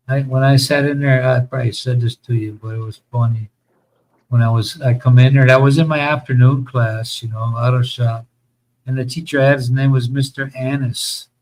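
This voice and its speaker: A man's voice: mid-range voice, a little mellow, low-quality recording. A man telling rambling, profane stories about his school days in a casual chat, laughing as he goes.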